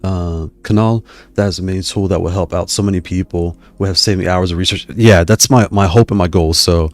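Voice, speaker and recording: Steady in tone and a little fast, a low-voiced man hosts a YouTube live stream with no room sound, reading viewers' chat. His casual talk wanders, and he keeps stopping himself partway through sentences.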